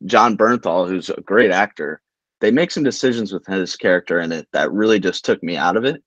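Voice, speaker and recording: A man's voice: deep voice, fairly quick, a bit bright, no room sound, highs cut off. A man co-hosting a casual chat, rambling with many restarts and fillers. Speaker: podcast co-host.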